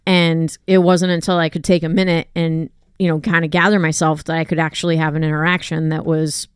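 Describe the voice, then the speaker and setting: A woman co-hosting a casual podcast as a dog walker, calmly reflecting on a past encounter. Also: low voice, fairly quick, clear, resonant tone, no room sound, clean studio sound.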